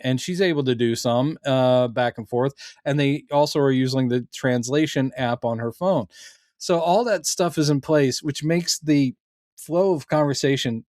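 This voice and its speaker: Recorded with clean studio sound and no echo, this mid-range male voice belongs to a podcast co-host. He chats casually about a TV episode, animatedly performing the characters' quoted lines as he goes.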